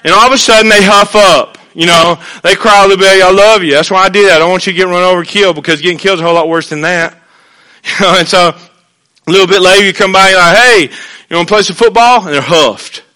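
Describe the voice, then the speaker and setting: A man preaches in church, his voice high and bright. He drops to near-hushed asides, then climbs into loud, animated stretches. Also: fairly quick. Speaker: pastor. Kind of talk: sermon.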